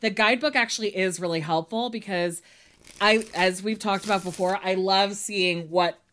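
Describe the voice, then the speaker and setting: A woman's voice: mid-range voice, steady tone, moderate pace, a bit bright. A woman co-hosting a podcast, chatting in a casual, upbeat way and often laughing. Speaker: podcast co-host. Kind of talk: casual chat.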